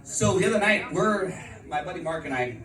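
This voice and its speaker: A man in his forties doing a stand-up comedy set, telling brash, profane stories in bursts of excitement. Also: sits high, a little fast, music in the background. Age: 40s. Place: comedy venue with a live crowd. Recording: echoey room recorded from a distance, crowd audible. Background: audience laughter.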